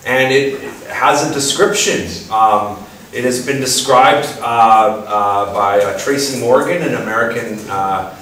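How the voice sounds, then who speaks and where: A man's voice: medium pitch, a little slow, fairly bright tone. Male speaker, casual lecture delivery full of ums, recorded from a distance in a very echoey hall with faint noise. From Canada. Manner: hesitant, many ums and restarts, playful asides. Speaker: guest speaker. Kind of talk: informal public talk.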